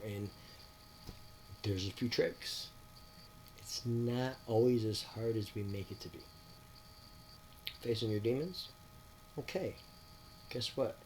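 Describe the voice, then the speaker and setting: A man talking to his viewers in a rambling, preachy monologue. He asks them rhetorical questions and swings between loud outbursts and quiet mutters. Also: on the low side, slight background noise. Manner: addresses listeners with rhetorical questions. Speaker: spiritual vlogger. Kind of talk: casual spoken monologue to viewers.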